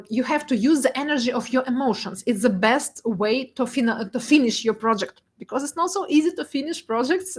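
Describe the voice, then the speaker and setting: A young woman presents her work in a fairly high voice. She laughs often and speaks emotionally, with plenty of fillers and restarts. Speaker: guest speaker, data artist. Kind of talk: presentation talk.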